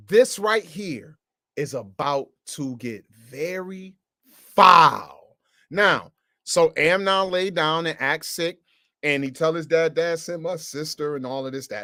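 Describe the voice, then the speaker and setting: A man teaching the Bible, slangy and emphatic, his voice a bit high. He pushes hard on key words. The sound is dry and close. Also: fairly bright tone, dry recording.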